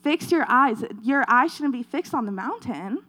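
A woman's voice: high-pitched, animated, moderate pace, bright, forceful tone. A woman giving an earnest devotional talk, retelling a scripture story in a conversational preaching style and repeating her points.

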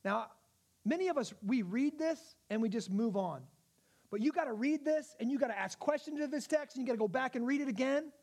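A man's voice: extremely high pitch, expressive, fairly quick, a little mellow. A male pastor giving a conversational sermon, often checking in with his listeners. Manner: conversational, asks the audience questions.

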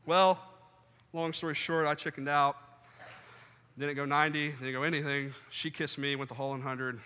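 A young man preaching a sermon, telling funny stories and acting out scenes with sudden loud outbursts. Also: on the high side, normal speed, slight background noise. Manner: animated, jokey, acts out scenes with sudden loud bursts. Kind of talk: sermon with storytelling. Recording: long hall reverb.

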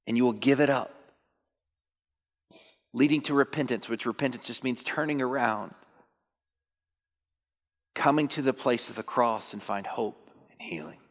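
A male pastor preaching a sermon to his church, animated, sometimes mimicking churchgoers in high put-on voices. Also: unhurried, long pauses. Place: church sanctuary. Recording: long reverb of a large hall.

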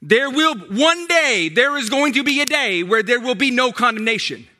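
Male pastor, sermon, very high and piercing tone, emphatic repeats. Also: animated, moderate pace, bright, forceful tone. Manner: emphatic and repetitive, with many restarts.

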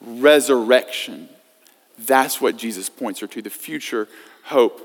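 A man preaching a sermon as pastor, swinging from loud emphasis to hushed scripture reading. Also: mid-range voice, measured pace. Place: church sanctuary. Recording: long reverb of a church hall.

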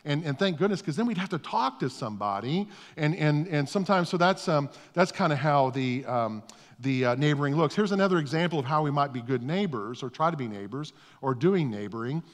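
Talkative pastor preaching in a reverberant church. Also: male voice, a little high, lively intonation, brisk. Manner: conversational, self-deprecating, repeats words when starting. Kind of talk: sermon. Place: church sanctuary. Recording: long reverb of a church hall.

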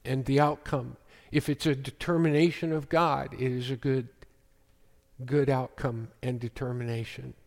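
A man preaching a sermon as pastor, slow and emphatic, often quoting scripture. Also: mid-range voice, level tone, creaky, big-room sound.

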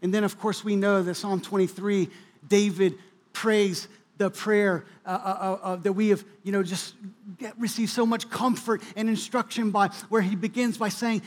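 A man's voice: high-pitched, little pitch movement, normal speed. A male pastor delivering a sermon, preaching with bursts of emphasis and occasional restarts. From New England, US.

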